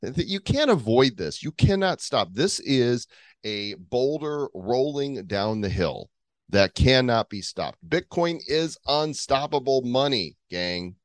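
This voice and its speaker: A man's voice: mid-range voice, sing-song, slow, no echo. A man co-hosting a casual news chat, reading stories aloud and joking around playfully. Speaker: podcast co-host.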